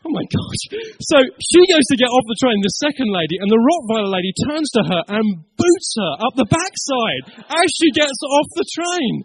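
A man's voice: very high voice, no room sound, poor audio. A middle-aged man from England preaching a sermon, telling a family story in a chatty way. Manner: chatty storyteller, laughs at his own tale.

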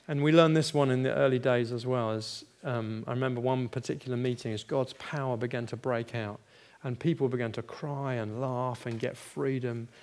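A man's voice: mid-range voice, fairly even intonation, normal speed, hardly any pauses, darkish tone. A middle-aged man preaching a sermon, telling personal stories and acting out the voices in them with self-mocking humour. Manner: storytelling, acts out quoted dialogue, laughs at himself. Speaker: pastor.

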